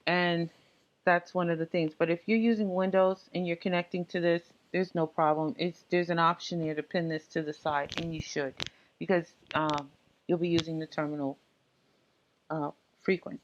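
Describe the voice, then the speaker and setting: This is a woman with a somewhat low voice, explaining software setup in a laid-back, unscripted way. She pauses often on fillers while she clicks through screens. The recording sounds dull and lo-fi. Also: slight background noise. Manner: relaxed, many ums and uhs, talks through steps. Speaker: tech tutorial presenter. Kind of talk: casual screen-recorded tutorial narration.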